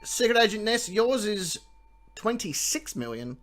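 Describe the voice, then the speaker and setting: Joking high-voiced Australian quiz host. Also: male voice, sing-song, measured pace, a crowd in the background. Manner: joking, laughs often, swears freely. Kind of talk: casual live quiz banter.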